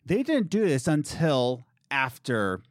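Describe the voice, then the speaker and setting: A man hosts a casual podcast with a lively voice that swings up and down in pitch as he jokes and circles back on his points. The sound is dry and close to the mic. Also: slow pace, no room sound. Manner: animated, jokey, wordy with restarts. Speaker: podcast host. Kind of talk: casual commentary chat.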